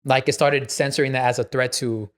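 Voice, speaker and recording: A man's voice: mid-range voice, fairly quick. Chill guy on a podcast, slangy, mid voice, tells long stories. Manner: relaxed, slangy, retells things at length. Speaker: podcast host. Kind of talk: casual podcast chat.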